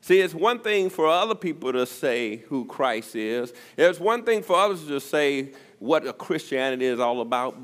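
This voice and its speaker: A male pastor preaching a sermon, his delivery swinging from loud emphasis to near-whispers. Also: on the high side, big pitch swings, moderate pace, few pauses. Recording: long reverb of a church hall.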